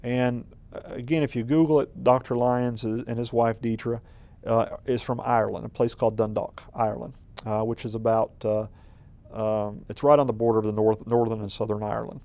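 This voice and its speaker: Mellow-voiced city manager rambling. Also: male voice, medium pitch, little pitch movement, moderate pace. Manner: rambling, filler-heavy, folksy storytelling. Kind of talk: conversational interview.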